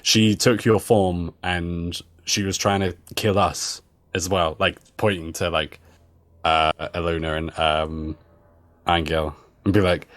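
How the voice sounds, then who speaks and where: A man's voice: low-pitched, level tone, slow, fairly bright tone. A man playing a tabletop role-playing game, describing his character's actions hesitantly with lots of fillers. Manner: hesitant, many fillers and restarts. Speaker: player.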